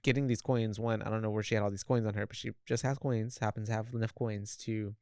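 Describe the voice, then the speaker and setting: A man co-hosting a podcast, recapping a film in casual chat with a relaxed, meandering delivery that trails off mid-sentence. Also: on the low side, fast, clear, resonant tone, no echo, studio quality. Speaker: podcast co-host.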